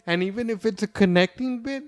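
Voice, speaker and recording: A man's voice: high-pitched, fairly quick. A man, a stand-up comedian, in casual podcast chat, rambling with frequent swearing and stammered restarts.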